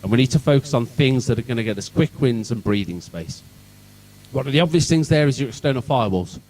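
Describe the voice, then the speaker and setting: Man, Birmingham accent, sarcastic conference speaker, swears a lot, middle pitch, a bit distant from the mic. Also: expressive, quick pace, a little mellow, a little hiss or hum. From England, Birmingham. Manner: irreverent, sarcastic, swears freely. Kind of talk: sweary comic tech talk. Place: event hall.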